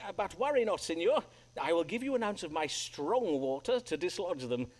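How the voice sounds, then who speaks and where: An actor playing a pompous Elizabethan doctor and astrologer who speaks in archaic, courtly English. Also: male voice, high-pitched, lively intonation, normal speed.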